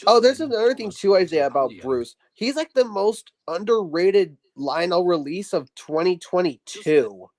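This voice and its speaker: Male guest, higher and animated, eager talk about his collection. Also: moderate pace, hardly any pauses. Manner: eager, chatty hobbyist. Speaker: stream guest. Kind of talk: casual stream chat.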